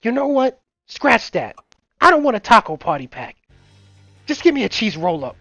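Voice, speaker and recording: Man putting on a brash, loud drive-thru customer. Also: sits high, big pitch swings, normal speed, no room sound, lo-fi sound, faint music behind, pitched above the performer's own voice, heavily acted. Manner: loud, showy put-on accent.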